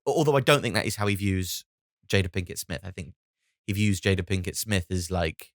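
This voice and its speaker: A man's voice: deep voice, brisk, no echo, clean studio sound. A British man, a comedian hosting a solo podcast, rambling and swearing with lots of restarts.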